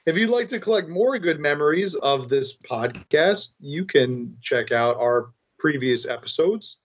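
A man's voice: on the high side, animated, measured pace, dull audio. A man co-hosting a podcast in casual chat, talking in a rambling, wry way with lots of fillers. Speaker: podcast co-host.

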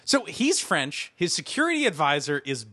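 Bright, animated man chatting. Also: fairly high pitch, normal speed, breathy edge. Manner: animated, laughing, full of "like". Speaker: podcast co-host. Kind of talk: casual chat about a movie.

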